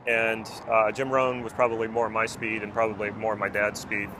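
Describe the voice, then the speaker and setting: A man's voice: fairly low pitch, completely flat delivery, normal speed, noisy background. A man who works as a personal development coach talks to the camera in an earnest, reflective way and asks the viewer many questions.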